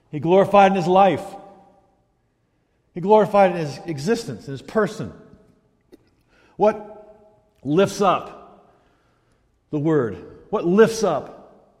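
A man preaching a sermon as pastor, animated, swinging from loud emphasis to quiet asides. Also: a little high. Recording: long hall reverb.

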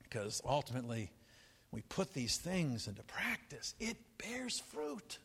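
An older man preaching a sermon in an animated, jokey way, often laughing and acting out quotes. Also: on the high side, a little slow, husky, long reverb tail. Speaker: pastor.

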